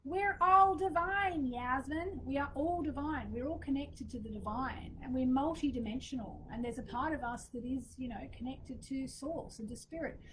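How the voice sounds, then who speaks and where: A woman's voice: high-pitched, moderate pace, few pauses, fairly bright tone, slight background noise, low-quality recording. A woman voicing an effusive female intuitive with a New York accent.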